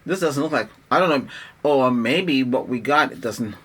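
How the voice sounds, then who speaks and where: A man's voice: mid-range voice, lively intonation, moderate pace, fairly bright tone. A middle-aged man rambling in an exasperated, casual rant as a tech vlogger, restarting his sentences often. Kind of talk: casual ranting vlog.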